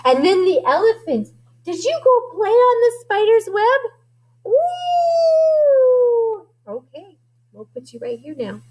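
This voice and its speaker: Sing-song woman music teacher, very high. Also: slow. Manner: sing-song and animated, singing lines for echoing. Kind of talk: teaching young children. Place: music classroom.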